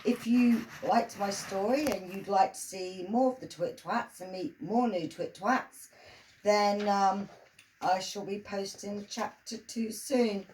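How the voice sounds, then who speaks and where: A woman reading her own comic rhyming story aloud in a lively, sing-song storytelling manner. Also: medium pitch, slow, a little hiss or hum, rough recording.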